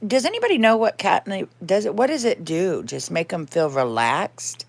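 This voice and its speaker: A woman hosting a relaxed livestream from her home, talking in a rambling, chatty way. She laughs often and drifts into sing-song baby talk at her cat, with a mid-pitched voice. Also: normal speed, vocal fry, few pauses. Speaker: livestream host. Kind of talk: casual live chat.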